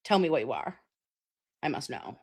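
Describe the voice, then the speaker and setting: A woman's voice: a bass voice, expressive, normal speed, a little mellow, husky. A woman hosting a casual livestream chat, brassy, profane and dramatic while recovering from a sinus and ear infection. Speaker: livestream host.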